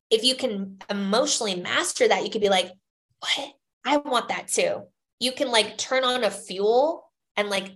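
A woman talking as a podcast guest in a casual, animated way, full of fillers, acting out her own inner voices. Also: medium pitch.

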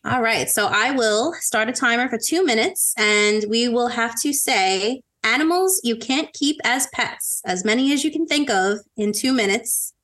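A woman's voice: on the high side, lively intonation, unhurried, few pauses, fairly bright tone. A woman co-hosting a casual podcast, upbeat and laughing often as she leads each segment. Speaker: podcast co-host.

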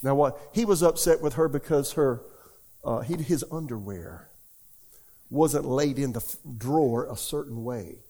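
A middle-aged man, a pastor answering questions in a conversational sermon. He talks in a folksy, animated way, tells stories and keeps asking the listeners rhetorical questions. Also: medium pitch, measured pace.

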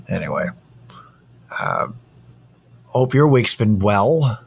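A man's voice: on the low side, measured pace, long pauses, fairly bright tone, no room sound. A man hosting a casual solo podcast, drained and worn out, rambling in a tired, self-deprecating way. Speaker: podcast host.

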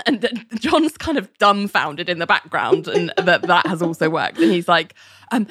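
Animated woman retelling a show. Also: on the low side, normal speed, husky. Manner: animated storyteller, acting out quoted lines in put-on voices. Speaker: podcast host recapping a TV episode. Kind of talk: casual chat, retelling scenes.

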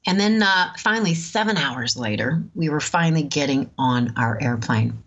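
A woman in her fifties telling a personal story in a relaxed, chatty way, laughing often and pausing with many ums. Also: low voice, lo-fi sound. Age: 50s. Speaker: host. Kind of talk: storytelling talk.

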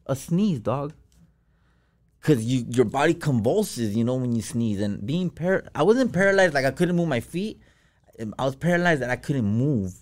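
A man speaks as a podcast guest, telling his story in loose, slangy talk. He swears often and pads his sentences with fillers. His voice sits at an ordinary middle pitch. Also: animated, normal speed, darkish tone. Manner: slangy and profane, full of fillers. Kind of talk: casual storytelling.

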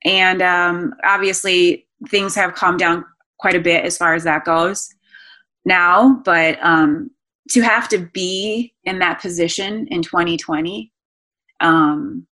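A woman in her thirties, a guest speaking earnestly and emotionally, halting often with fillers and restarts. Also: fairly low pitch, fairly even intonation, sharp tone. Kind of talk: candid conversational interview.

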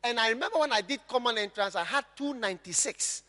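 A man preaching with a very high, bright voice that leaps up and down as he drives his points home. He is a pastor in full sermon, impassioned and often breaking into shouts, at times mimicking his listeners. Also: expressive, fast, long reverb tail.

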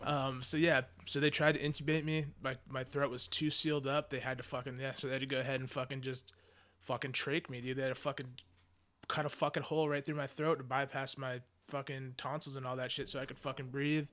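A young man hosting a podcast tells a long story casually, rambling with many fillers and swearing often. His mid-range voice is level, fairly bright, and a little fast.

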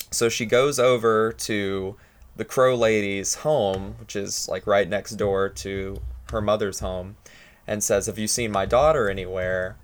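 A man's voice: fairly low pitch, clean tone. A young man chatting casually on a podcast, rambling with many fillers as he retells a story.

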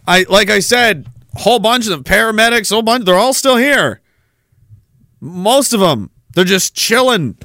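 A man's voice: sits high, animated, pushed and bright, no echo. Sarcastic man ranting on a podcast. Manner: sarcastic, profane, fast-shifting rant. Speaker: podcast host.

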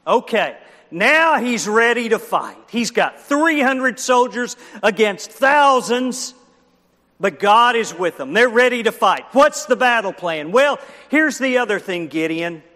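Pitching his voice extremely high, this man is expressive, unhurried, bright and forceful as he preaches to children. He brings a story to life by playing its characters and quizzing his young audience, all within a long hall reverb.

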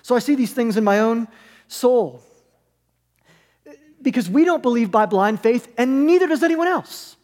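A man's voice: very high-pitched, lively intonation, moderate pace, pauses often, a little mellow, long reverb tail. A man preaching a sermon in a church, earnest and building his points through repeated parallel phrases. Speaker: pastor.

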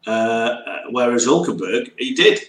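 A man's voice: mid-range voice, measured pace, faint music behind. A man chatting casually as a co-host, joking around and breaking into impressions. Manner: jokey, animated, full of impressions. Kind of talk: casual chat. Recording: echoey room with background noise.

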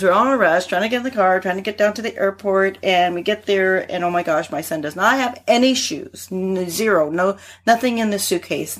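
A middle-aged woman, a therapist and guest, telling family stories in a casual, animated way with frequent laughter. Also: mid-range voice, slightly rough. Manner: animated storyteller, laughs often. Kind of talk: casual conversation.

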